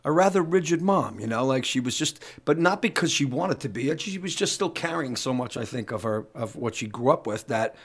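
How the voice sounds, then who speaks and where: A middle-aged man tells stories as a guest on an interview. He talks in a rambling, animated way, swearing freely and restarting his sentences. His voice sits at an ordinary pitch for a man. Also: a little fast, hardly any pauses, breathy edge. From New York. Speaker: guest musician. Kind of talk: casual interview storytelling.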